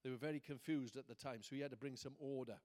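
A man's voice: mid-range voice, fairly even intonation, quick pace, a little mellow. A man preaching a sermon as pastor, conversational at times and rising to fervent emphasis.

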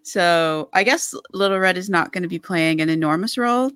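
A woman's voice: lowish voice, moderate pace, fairly bright tone, clear, resonant tone, no echo, clean studio sound. A woman hosting a casual author interview, chatty and loose, full of "like". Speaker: podcast host.

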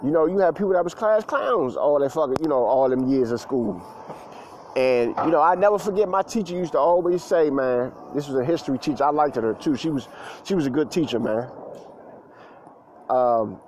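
A man's voice: fairly high pitch, a little mellow, a little hiss or hum, poor audio. A grown man telling stories in a casual monologue, with loose slangy talk full of fillers and repeats. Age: adult, past school age.

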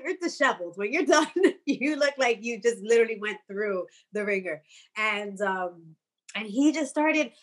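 Casting: woman podcast guest, animated storyteller, slightly high voice. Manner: animated storyteller, laughs often. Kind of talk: casual chat.

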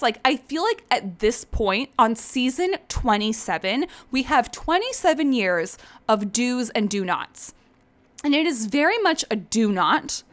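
A young woman with a fairly high voice hosts a casual solo podcast. She talks in a chatty, sarcastic way, swears freely and slips into mimicking voices to act out what others said. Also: a bit bright. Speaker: podcast host.

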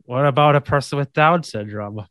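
In clean studio sound with no echo, a man co-hosts a casual chat, joking with a wry edge. His mid-range voice is clear, resonant, and a bit bright, at a moderate pace.

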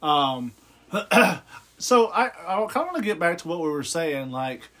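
A man's voice: on the high side, sing-song, measured pace, bright, forceful tone. A man in casual podcast chat, joking and rambling with many fillers.

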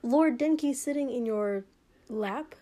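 A woman voicing a formal, polite young male attendant who speaks briskly and a little too cheerfully. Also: a little high, warm tone. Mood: teasing.

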